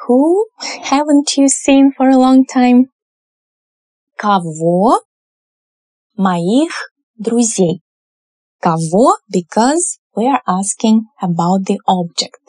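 A woman teaching a language lesson, explaining each word form slowly and patiently. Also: on the high side, lively intonation, darkish tone, no echo.

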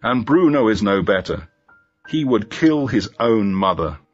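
A man reading the lines of a guarded, bitter female police inspector in a storybook, in a calm, low-key way. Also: unhurried, lo-fi sound, faint music behind. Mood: confiding.

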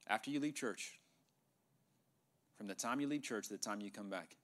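A middle-aged male pastor preaching an emphatic sermon in a church, sometimes dropping to a hushed voice for effect. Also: lowish voice, normal speed. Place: church sanctuary.

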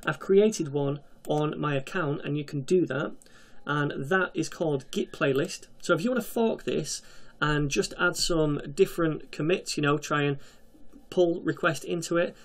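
A man's voice: a little high, moderate pace. Chatty man walking through a coding tutorial. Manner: casual, chatty walkthrough with jokey asides. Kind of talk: screen-recorded coding tutorial.

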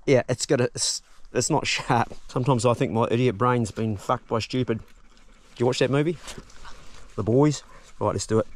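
A man in his late fifties, hunting pigs in a steep gully outdoors, talking roughly and bluntly with plenty of swearing. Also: mid-range voice, no echo. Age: late 50s. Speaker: pig hunter and host.

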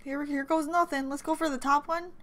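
Speaking fairly quickly in a high, fairly bright voice with fairly even intonation, a young woman gushes through a reaction video. This vlogger's excited commentary is full of repeated exclamations and words cut off partway, with the video's music faintly audible.

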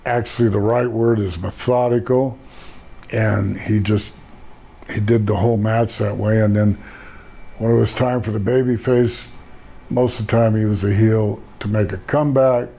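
A hoarse older man telling stories about his career in a casual interview, rambling and correcting himself. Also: on the low side, steady tone, normal speed, mellow, rough recording. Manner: rambling storyteller, self-correcting. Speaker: interview guest.

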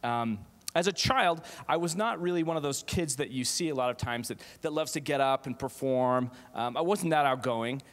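A man's voice: medium pitch, normal speed. A middle-aged man giving a humorous keynote as a theater professor, self-deprecating, with many fillers and restarts. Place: large auditorium. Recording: echoey hall reverb.

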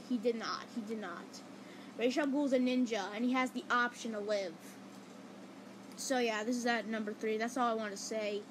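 Rambling, excited woman with a raised voice. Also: on the high side, background noise. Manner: rambling, enthusiastic, many fillers like "like". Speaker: movie reviewer. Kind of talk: casual ranking countdown.

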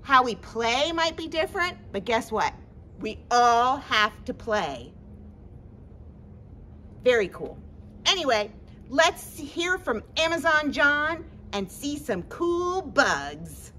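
A woman's voice: high voice, very animated, takes it slowly, pushed and bright, a little hiss or hum. A woman hosting a children's story-time in an empty library, talking in a playful, exaggerated sing-song way for kids.

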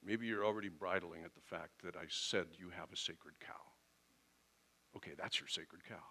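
A man's voice: low-pitched, bright, forceful tone. A man preaching a sermon as pastor, talking in a conversational way and briefly acting out little quoted exchanges with the congregation.

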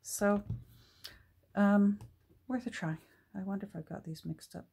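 A woman's voice: mid-range voice, unhurried, gravelly, warm tone, breathy edge. A middle-aged woman chatting casually and rambling while she crafts at home, with many restarts and ums. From Canada. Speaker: crafting vlogger. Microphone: camera mic at a work table.

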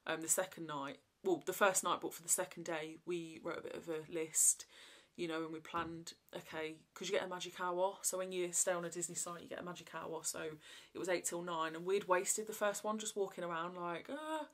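Mum rambling on to camera in her vlog, lots of you know and like, lowish voice. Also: flat delivery, a little fast, few pauses, a bit bright. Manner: rambling, chatty, lots of fillers. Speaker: vlogger. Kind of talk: casual chat to camera.

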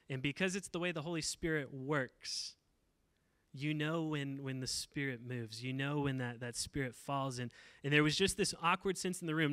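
Smooth-voiced male pastor preaching. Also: fairly high pitch, bright, forceful tone, dry recording. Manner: conversational, with frequent fillers and restarts. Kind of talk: storytelling sermon.

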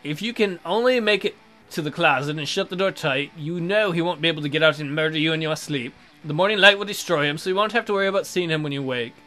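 A young man hosting a let's play, reading game text aloud and adding sarcastic, profane commentary with sudden loud outbursts. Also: fairly high pitch, fast, faint music behind.

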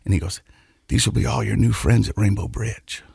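Speaking fairly quickly, a man with a low-leaning, creaky, slightly rough and darkish voice shares a personal story as a podcast co-host. The telling is rambling, full of restarts, repeated words and laughs, though it grows earnest and reflective. There's no echo, and the sound is studio quality.

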